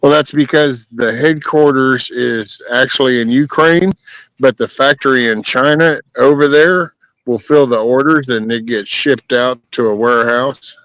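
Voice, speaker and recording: A man's voice: mid-range voice, unhurried, fairly bright tone, dry recording, rough recording. A Texan man hosting a casual livestream chat, rambling through opinions. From Texas.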